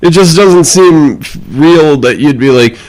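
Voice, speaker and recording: A man's voice: fairly high pitch, expressive, measured pace, darkish tone, rough recording. A man co-hosting a podcast in casual banter, rambling, laughing often and acting out quotes. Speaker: podcast co-host.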